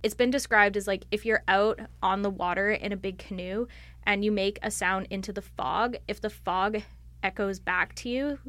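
A woman's voice: mid-range voice, fairly even intonation, moderate pace, fairly bright tone, dry recording. A woman on staff answering interview questions in a thoughtful, explanatory way, often using "like" as a filler. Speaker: library staff member.

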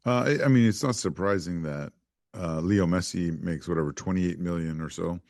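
A man co-hosting a sports podcast, chatting in an easygoing, halting way and often restarting his sentences. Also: low-pitched, creaky, darkish tone, no room sound, clean studio sound. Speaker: podcast co-host. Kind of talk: casual sports chat.

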